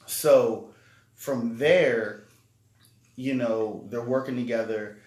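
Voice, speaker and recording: A man's voice: mid-range voice, takes it slowly. A man co-hosting a casual movie review, retelling the plot with jokes. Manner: joking, animated retelling. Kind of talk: casual chat. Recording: echoey room.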